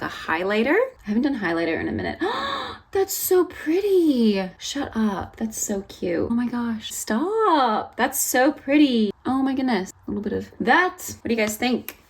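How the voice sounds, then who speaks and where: A young woman talking through her makeup routine at home in a casual vlog. She gushes and chatters easily, excited about each new shade. Her voice sits at an ordinary middle pitch. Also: breathy edge. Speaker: vlogger and ballet teacher. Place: home, sitting on the floor.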